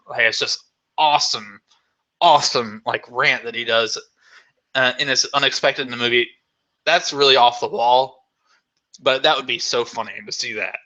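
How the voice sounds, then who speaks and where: A man's voice: medium pitch, fairly even intonation, normal speed, pauses often, sharp tone. A man vlogger hosting a live Q&A, chatting casually in a rambling, enthusiastic way with lots of fillers.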